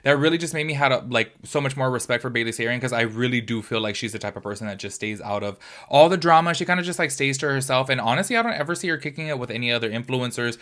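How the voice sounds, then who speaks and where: A man's voice: medium pitch, fast talker, hardly any pauses. A young man from California chatting animatedly in a casual beauty commentary vlog. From California, United States. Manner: chatty and animated, lots of fillers like "y'all".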